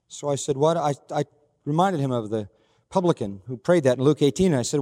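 A man's voice: a little high, lively intonation, fairly quick, warm tone. An older man, a pastor, preaching an earnest, emphatic sermon and retelling a story with quoted dialogue. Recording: hall reverb.

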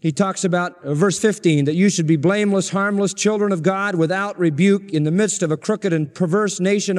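Emphatic high-voiced male preacher. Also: brisk, few pauses, a little mellow, in a large hall. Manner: emphatic, repeats phrases for stress. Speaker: pastor. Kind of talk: sermon.

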